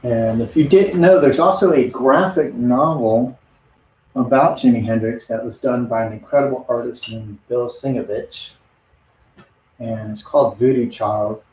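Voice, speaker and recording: A man's voice: mid-range voice, measured pace, a little mellow, slight background noise. Chatty man painting live, echoey room. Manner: rambling, chatty, talks to viewers between brushstrokes. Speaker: artist streaming a live painting demo. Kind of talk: casual live-stream chat while painting. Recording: dull lo-fi audio in an echoey room.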